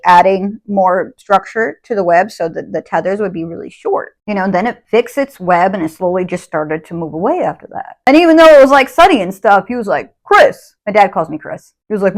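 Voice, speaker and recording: A young adult woman telling stories to camera at home, rambling with lots of fillers and getting animated over old memories. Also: mid-range voice. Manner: rambling, lots of fillers like "like" and "you know what I mean"; chatty, animated when retelling memories. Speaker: witchcraft content creator. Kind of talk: casual storytelling to camera. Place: at home by an open window.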